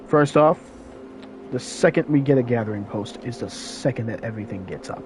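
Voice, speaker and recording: Male game streamer, mid-pitched voice, grandiose and reflective, faint music in the background. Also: animated, brisk, darkish tone. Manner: grandiose, philosophical, thinks aloud. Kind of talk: reflective monologue and game commentary.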